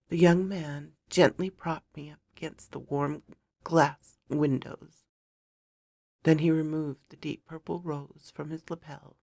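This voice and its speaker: A woman narrating a first-person fantasy story in a measured, dramatic storytelling manner. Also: deep voice, a little mellow, dry recording, studio quality.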